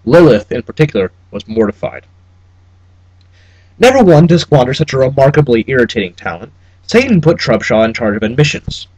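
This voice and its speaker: A man narrating an audiobook with a wry, expressive delivery and a voice that rises and falls freely. The tone is slightly husky and recorded in a dry, close setting. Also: brisk, no room sound, rough recording. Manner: expressive, wry reading with lively pitch. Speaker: audiobook reader.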